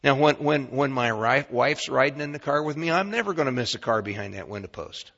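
A man preaches a sermon from the pulpit. His voice is bright and forceful, and he swings between quiet and loud stretches. The recording is dull and lo-fi. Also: medium pitch, expressive, a little fast, gravelly. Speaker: pastor.

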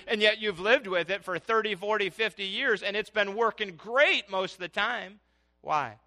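High, bright-voiced preacher. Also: male voice, a little slow. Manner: animated, conversational, asks the audience questions. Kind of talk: sermon.

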